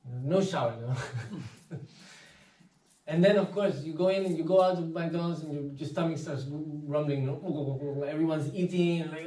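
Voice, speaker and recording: A man giving an inspirational talk, telling anecdotes in a casual, animated way and acting out the voices of people in his stories. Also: fairly high pitch, moderate pace. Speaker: speaker. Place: meditation centre hall. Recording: echoey hall, voice from far off.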